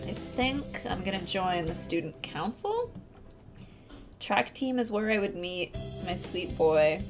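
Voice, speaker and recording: A woman's voice: fairly low pitch, big pitch swings, slow pace, over music. A woman streaming a video game, chatting casually and reading the game text aloud. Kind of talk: casual let's-play commentary.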